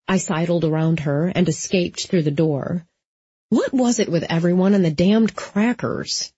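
A woman's voice: on the low side, measured pace, warm tone, breathy edge, dry recording. A woman narrating a first-person audiobook in a dry, wry storytelling manner, close to the mic. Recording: slightly dull lo-fi.

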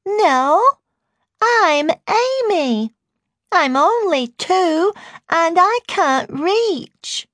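A woman voicing a whiny little girl who speaks in slow, high baby talk and insists she is only two. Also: animated, a bit bright, no echo, clean studio sound, exaggerated voice. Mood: whiny insistent.

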